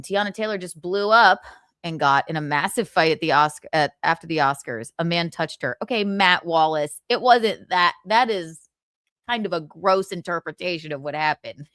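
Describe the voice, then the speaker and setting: A woman's voice: on the low side, animated, moderate pace, fairly bright tone, dry recording, clean studio sound. A woman hosting a live gossip stream in casual chat, blunt and sarcastic, swearing freely. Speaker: livestream host.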